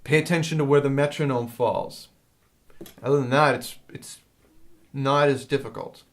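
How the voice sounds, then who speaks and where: A man's voice: medium pitch, moderate pace. Hesitant man explaining drum technique. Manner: hesitant, rambling explanations with many fillers. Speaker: drum teacher. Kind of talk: casual spoken drum lesson. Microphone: handheld field recorder.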